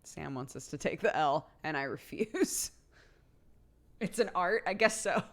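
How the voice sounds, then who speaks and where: A woman's voice: on the low side, very animated, slow. A young woman streamer chatting casually late at night with her viewers, laughing often and reading chat aloud.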